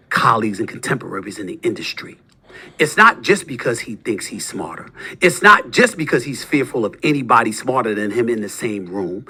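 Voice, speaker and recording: A sports talk host in his fifties delivers a heated, combative monologue, taunting with rhetorical questions and swinging between low muttering and loud outbursts. His husky voice has a sing-song quality and moves at a normal speed.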